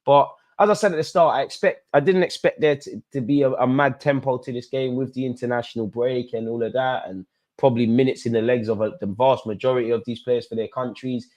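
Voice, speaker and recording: Young guy doing a footy watch-along, chatty, cheeky, shouting at players. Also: mid-range voice, a little fast. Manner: animated, banter-filled, talks straight to players and chat. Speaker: football watch-along host. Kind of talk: casual live match commentary and chat.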